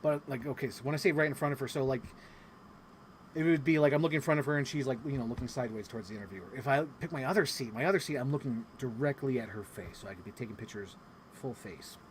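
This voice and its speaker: A man telling a casual vlog story, animated and excitable, swearing freely and acting out what people said. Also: fast talker, slight background noise. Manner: animated, swears freely, acts out quotes with big pitch jumps. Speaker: vlogger.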